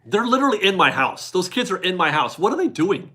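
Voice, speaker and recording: A man's voice: high-pitched, sing-song, fast talker, bright, forceful tone, slightly rough. A man in his forties hosting a casual live stream from his garage, chatty and upbeat as he reads viewer donations aloud and laughs often. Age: 40s. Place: home garage.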